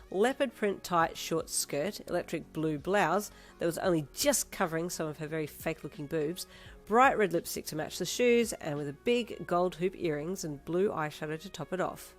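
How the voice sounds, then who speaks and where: A woman reading fan fiction aloud as narrator, in an even storytelling manner. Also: sits low.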